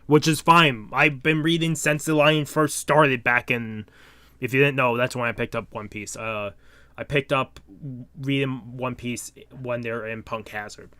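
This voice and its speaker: A young man reading a comic aloud and reacting excitedly, swearing casually as he goes. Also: mid-range voice, a little slow, dry recording. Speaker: manga reaction host.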